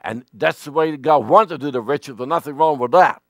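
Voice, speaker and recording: A man preaching a sermon with emphasis, swinging between loud and hushed. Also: fairly high pitch, brisk, dry recording, studio quality.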